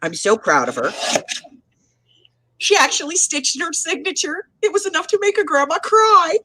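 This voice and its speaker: Bright-voiced older woman, teasing. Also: extremely high pitch, very animated, moderate pace, no echo, rough recording. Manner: playful, teasing. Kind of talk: casual chat.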